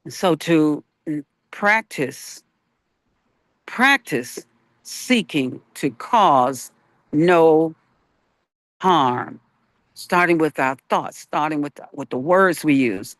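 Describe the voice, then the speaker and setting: Host, slow-paced, dry close sound, halting, searching unscripted spiritual talk. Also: medium pitch, fairly bright tone, dry recording. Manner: halting, searching for words, rhetorical questions. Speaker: broadcast host.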